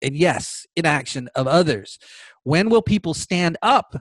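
A man from the United States holds forth on his podcast, turning sarcastic and animated and hammering home his points by saying them twice. His voice sits high for a man. The recording is dry and close, with no room sound. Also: a little slow, dry recording. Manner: animated, sarcastic, repeats phrases for emphasis. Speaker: podcast host. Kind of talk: opinion podcast monologue.

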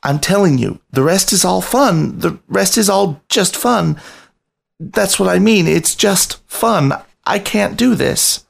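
A man's voice: high-pitched, expressive, slow, gravelly, slightly rough, pitched above the performer's own voice, exaggerated voice. A man putting on a meek, trembling rat. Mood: pleading. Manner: meek, pleading, shaky. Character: timid, trembling young male rat.

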